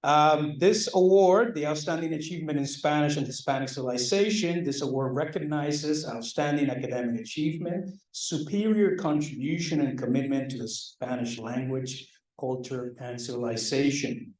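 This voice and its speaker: A man's voice: mid-range voice, moderate pace, few pauses, darkish tone. A man, a department chair, presents student awards at a banquet in a loose, joking, self-deprecating way. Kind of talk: ceremony speech. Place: large banquet hall. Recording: echoey hall, mic far off.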